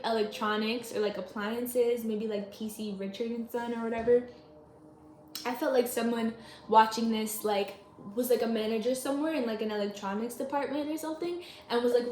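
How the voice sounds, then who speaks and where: Woman in a casual to-camera reading, talks in loose run-on chatter, slightly high voice, roomy echo on a camera mic. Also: a little mellow. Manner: chatty, rambling, full of "like" and "y'all". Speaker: tarot reader. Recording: echoey room, faint noise.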